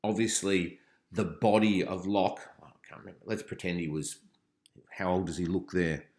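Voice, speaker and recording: A man teaching philosophy in a relaxed revision lecture, thinking aloud with frequent ums. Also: deep voice, moderate pace. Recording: roomy echo.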